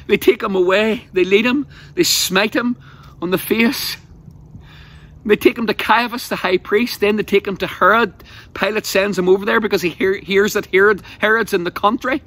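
A man's voice: high-pitched, pushed and bright. A man preaching an evangelistic sermon, telling the story passionately and vividly.

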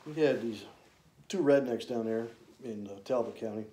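Mellow man spinning camp stories. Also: mid-range voice. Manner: relaxed, rambling, folksy, with drawn-out fillers. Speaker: hunter reminiscing. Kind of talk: casual storytelling. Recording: roomy echo.

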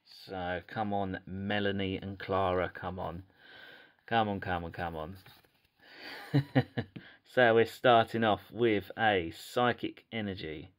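A man hosting his own card-opening channel, quietly murmuring through each card as he opens packs. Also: low-pitched, fairly even intonation, slow, long pauses. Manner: quiet, murmuring as he lists cards. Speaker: pack-opening channel host. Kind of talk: casual card-opening commentary.

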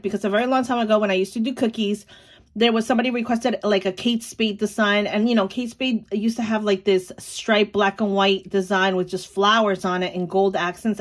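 A woman in her thirties chatting casually at home as she vlogs about running her small sticker shop, with lots of fillers and small laughs. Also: medium pitch. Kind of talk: casual vlog chat.

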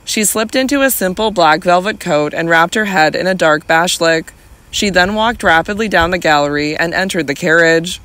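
A male audiobook narrator with a notably high voice reads in a measured, literary way. The sound is close and dry, with no room echo. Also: pushed and bright, clear, resonant tone. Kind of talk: scripted narration.

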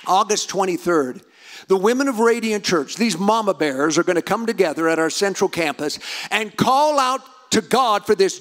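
A man preaching a sermon in a high voice that swoops up and down. He presses into fervent, near-shouted emphasis as he exhorts his congregation. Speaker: pastor.

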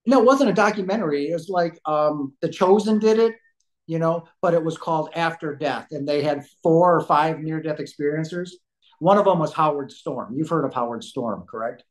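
A man's voice: on the high side, moderate pace, poor audio. Emphatic, blunt man telling his story. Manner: rambling with many restarts and fillers. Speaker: podcast guest. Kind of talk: conversational interview storytelling.

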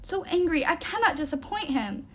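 A woman's voice: very high-pitched, sing-song, normal speed, fairly bright tone, slight background noise, voice pushed up, exaggerated voice. A woman reading aloud and voicing a frantic, out-of-breath male satyr-like spirit.

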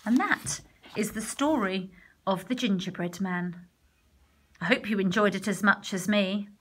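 A woman teacher reading a storybook aloud for children, expressive and gentle, pausing to ask the listeners questions. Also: mid-range voice, a little hiss or hum.

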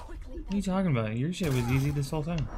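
A man streaming a video game with a friend, cursing, yelling at enemies and giggling through rambling asides. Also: fairly high pitch, racing, noisy background. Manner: excitable, yells and curses at the game. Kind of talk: casual gaming stream chat.

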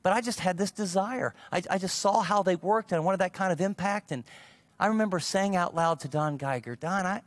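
A man's voice: sits high, a little fast, no echo. A middle-aged male pastor preaching a sermon, telling personal stories and acting out the dialogue in them. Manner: animated storyteller acting out quoted dialogue. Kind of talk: sermon storytelling.

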